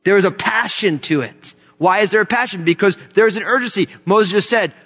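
A man's voice: sits high, a little fast, fairly bright tone, slightly rough. A man from the United States preaching a sermon, emphatic and fervent, with many rhetorical questions. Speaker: pastor. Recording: long hall reverb.

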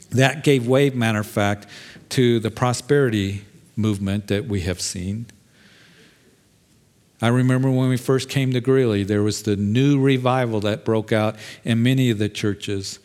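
A middle-aged man preaching from the pulpit, his pitch sitting right in the ordinary middle range. He talks like he is chatting with the congregation and slips into quoted voices to make his points. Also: darkish tone. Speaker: pastor. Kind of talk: sermon.

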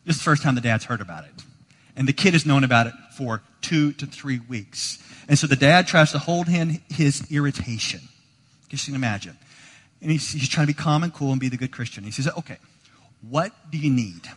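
Pastor preaching in a reverberant hall. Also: male voice, mid-range voice, fairly quick. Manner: conversational, shifts from quiet to emphatic. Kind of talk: sermon.

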